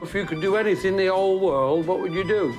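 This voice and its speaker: An actor playing a cheerful, dreamy working-class dad in a film trailer, chuckling and gently optimistic. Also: male voice, sits high, fast talker, close to an everyday voice. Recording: film trailer audio with music. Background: film score.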